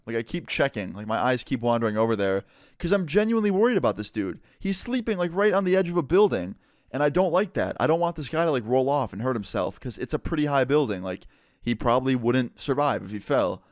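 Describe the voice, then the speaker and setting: Young man, vlogger, casual storytime, mid pitch, lots of "like", dry close sound. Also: no echo. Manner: casual, filler-heavy retelling with frequent "like".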